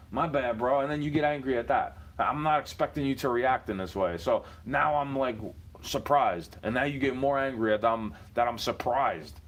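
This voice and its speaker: A man's voice: mid-range voice, moderate pace, slight background noise. A man, rambling in a profane casual monologue full of street slang.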